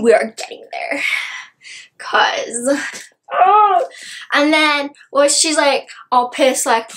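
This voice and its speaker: A young woman excitedly reviewing a book, gushing with exaggerated outrage. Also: high voice, takes it slowly, long pauses, rough recording.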